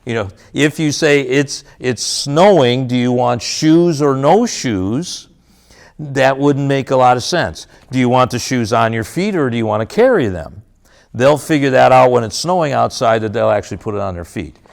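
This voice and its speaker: A man presents a parenting workshop in a school room, talking with an audience and playing out parent and child scenes. His delivery is animated, with a lively pitch that swings up when he acts out a scene. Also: moderate pace, creaky. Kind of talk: interactive workshop talk with role-play.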